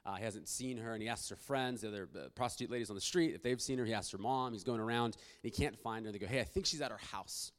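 A man's voice: lowish voice, fast talker, few pauses, smooth. A man preaching, telling a long story with many restarts and fillers. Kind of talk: sermon storytelling.

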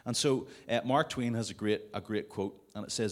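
A man's voice: on the low side, normal speed, hardly any pauses. A man preaching a sermon to a congregation in a conversational way, with jokey asides. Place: church service before a congregation.

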